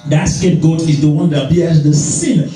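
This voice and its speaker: A man preaching a sermon as pastor, animated and repetitive, acting out the voices in his stories. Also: on the high side, moderate pace, distant mic, faint music behind. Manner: animated, acts out voices, repeats phrases. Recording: echoey church hall, heard from afar.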